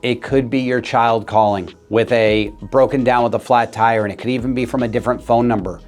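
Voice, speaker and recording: A man in a talking-head video, relaying a story in an earnest, conversational way. His voice sits at a middle pitch, and soft music plays faintly underneath. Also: steady tone, a little fast. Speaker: real estate agent.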